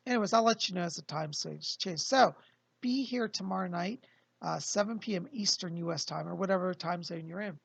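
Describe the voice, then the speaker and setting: A man, a psychic medium, talking casually and calmly to his viewers from his home, explaining and reassuring. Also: high voice, fairly quick, gravelly, slightly rough, dry recording. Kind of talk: casual livestream talk.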